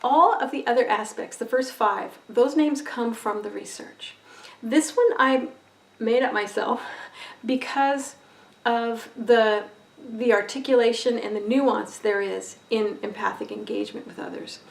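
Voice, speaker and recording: Woman, fairly high voice, conversational lecture, roomy echo, heard from a distance. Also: measured pace, vocal fry. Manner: expressive, conversational, with frequent "right?" tags. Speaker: empathy educator. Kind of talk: recorded lecture video.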